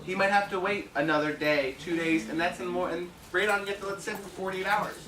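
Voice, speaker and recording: With a high-pitched, steady voice and a slightly fast pace, a male home inspector gives a conference talk full of chatty anecdotes, frequent laughter and impersonations of those he quotes. The audio comes from a distant mic in an echoey conference room, with audience noise in the background.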